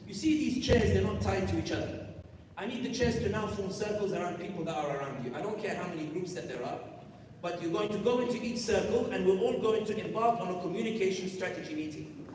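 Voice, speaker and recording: A man's voice: sits high, fast talker, a little mellow, a little hiss or hum. A man giving an emphatic live talk at a youth conference, firing off rhetorical questions and directing the crowd. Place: large conference hall. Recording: echoey hall from far off.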